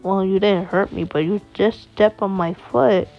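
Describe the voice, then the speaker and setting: A woman voicing a gentle but firm young father who coaxes and scolds his little daughter. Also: medium pitch, fairly even intonation, a little slow, dull audio, soft background music, natural voice. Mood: tender. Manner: coaxing, scolding when needed.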